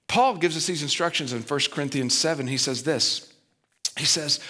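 A man's voice: on the high side, moderate pace, sharp tone. A man pastor giving a sermon in an earnest, conversational, plainspoken way.

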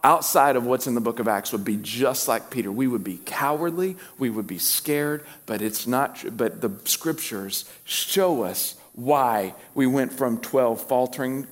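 A man preaching a sermon as pastor, telling a story and swinging between animated and hushed delivery. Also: mid-range voice.

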